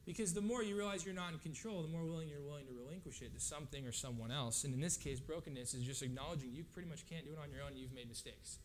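A man's voice: on the high side, rapid-fire, hardly any pauses, slight background noise. Casual conversational male preacher. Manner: casual, conversational, frequent "right?" asides. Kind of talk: sermon.

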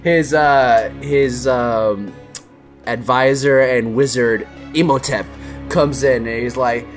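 Animated young man recapping a film. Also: medium pitch, slow pace, soft background music. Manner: animated, laughing, loose storytelling.

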